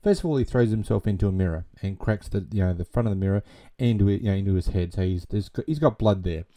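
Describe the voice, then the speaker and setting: A man with a low, very dark and mellow voice rambles through a film's plot in a casual retelling. He leans on constant fillers and casual swearing as he goes. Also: fast talker. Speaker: film recap narrator.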